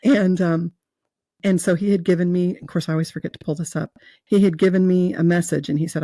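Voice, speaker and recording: A woman's voice: on the low side, steady tone, fairly quick, dark tone, no echo. A woman guest earnestly telling a personal story in an interview, with fillers and restarts. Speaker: guest telling her near-death experience.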